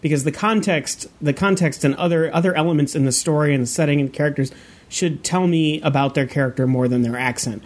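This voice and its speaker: A podcast host reading listener questions and chatting agreeably in a relaxed way. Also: medium pitch, fairly quick. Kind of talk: casual panel discussion.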